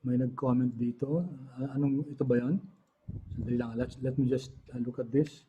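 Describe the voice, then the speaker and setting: A man with a Filipino accent teaching an online class, switching between languages and pausing often with fillers and throat clearing. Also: medium pitch, little pitch movement. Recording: dull lo-fi audio.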